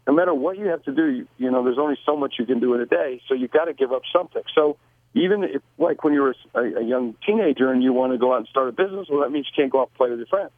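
American man, interview guest, brash and talkative, quick pace, tinny phone-line sound. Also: mid-range voice, no echo. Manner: brash, energetic, repeats words as he starts sentences. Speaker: guest author and business owner. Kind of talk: casual interview talk.

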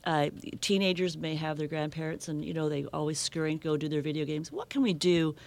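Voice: mid-range voice, fairly quick, gravelly. Chatty talk show host. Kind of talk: casual TV interview.

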